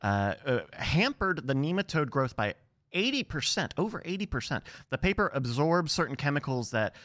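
A man's voice: a little high, very animated, moderate pace, a bit bright. A man hosting a casual podcast quiz, reading trivia questions with lots of filler ums and uhs. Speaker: quiz host.

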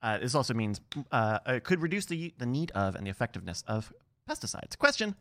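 A man's voice: mid-range voice, big pitch swings, fairly quick, fairly bright tone. A man hosting a casual podcast quiz, reading trivia questions with lots of filler ums and uhs. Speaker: quiz host.

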